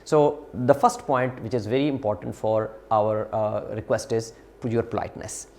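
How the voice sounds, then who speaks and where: A man lecturing to a university class, explaining slowly with frequent fillers, restarts and repeated phrases. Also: fairly low pitch, steady tone, vocal fry, mellow. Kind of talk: recorded lecture.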